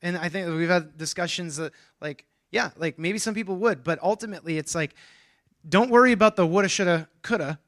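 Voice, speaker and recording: A man's voice: high voice, a bit bright. Casual, talkative male pastor preaching. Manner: conversational, self-deprecating, with restarts and quick asides. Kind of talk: sermon.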